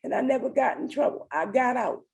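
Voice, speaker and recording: A woman's voice: on the high side, animated, brisk, creaky, a little mellow, rough recording. A woman in her forties giving an earnest, emotional personal testimony as a summit speaker. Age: 40s.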